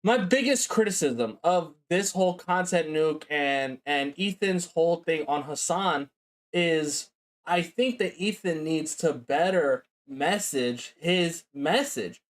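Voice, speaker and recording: A man's voice: on the high side, takes it slowly. A man streamer reacting to a video, talking casually and bluntly with lots of swearing and "bro". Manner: casual, profane, says bro and like a lot.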